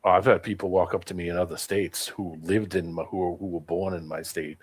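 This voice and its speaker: Casting: Boston-accented man, lowish voice, lively storyteller in casual chat. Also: brisk, husky. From Boston area.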